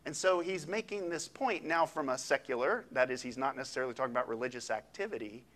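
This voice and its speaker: A man, a pastor, preaching a sermon in a conversational, animated way with quick asides. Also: medium pitch.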